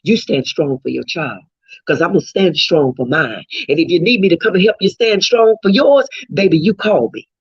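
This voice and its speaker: A woman's voice: lowish voice, animated, moderate pace, slightly rough, no room sound. A middle-aged woman from Houston, a grieving mother giving fervent, preacherly testimony. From Houston, Texas. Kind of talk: impassioned testimony. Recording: dull lo-fi recording.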